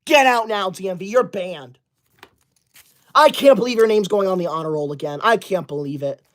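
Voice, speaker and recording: A man's voice: sits high, moderate pace, fairly bright tone. An indignant, bossy man hosts a comedic livestream. He reads viewer messages aloud with prim approval and abruptly barks bans at anyone rude. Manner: prim praise for good students. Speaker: livestreamer reading super chats.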